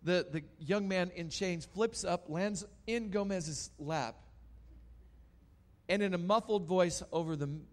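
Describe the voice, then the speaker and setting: A man preaching a sermon, telling a story dramatically and swinging between loud and hushed. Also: high-pitched, unhurried.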